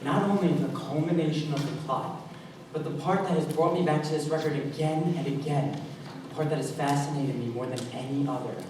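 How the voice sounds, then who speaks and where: A man's voice: on the high side, fairly quick, close to an everyday voice. A man playing a wistful, rambling show-tune fan who confides in the audience, recorded from far off in an echoey school hall. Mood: musing. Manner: musing, confiding, rising to exclamations. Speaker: stage actor. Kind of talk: school stage musical acting. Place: school auditorium stage. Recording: echoey hall, distant mic, noisy.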